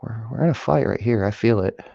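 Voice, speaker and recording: Speaking quickly in a lowish, gravelly, warm voice, a man picks a lock on camera as a hobby. He chats casually as he goes, whispering and muttering to the pins, cursing and joking. The camera is close, and the lo-fi recording has no echo.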